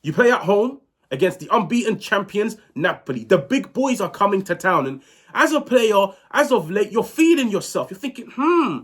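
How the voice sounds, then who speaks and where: A man hosting a football match reaction video, telling it in a dramatic, animated way while he is sick. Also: high voice, moderate pace, slightly rough. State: sick, unwell. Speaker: football channel host.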